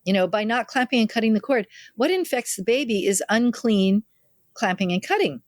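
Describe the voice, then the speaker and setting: An older woman, a midwife being interviewed, spins family anecdotes with lively energy, acting out the relatives she quotes. Her voice sits on the high side at a moderate pace, captured dry in clean studio sound.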